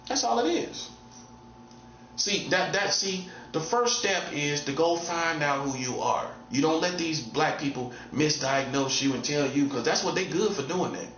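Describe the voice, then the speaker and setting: A man's voice: a little high, a little slow, a bit bright, muffled recording, slight background noise. Preachy man in an echoey room. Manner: repetitive, drives points home with rhetorical questions. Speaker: self-styled prophet. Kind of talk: casual preaching monologue.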